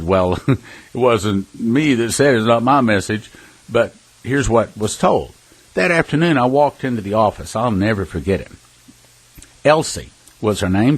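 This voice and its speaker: A man's voice: on the low side, moderate pace, breathy edge, no room sound, low-quality recording. A man giving an earnest, emphatic preaching talk, telling personal stories and addressing listeners as brothers and sisters. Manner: earnest, emphatic, with scattered restarts and chuckles. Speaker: prophecy ministry speaker.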